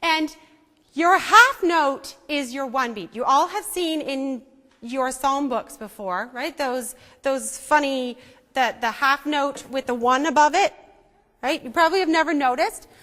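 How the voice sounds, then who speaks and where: High-voiced woman teaching in an echoey hall. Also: a little slow, pushed and bright. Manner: teacherly, coaxing, checks in with "okay?" and "right?". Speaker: music teacher. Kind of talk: music lesson to an audience. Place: church hall. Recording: echoey hall, imperfect sound.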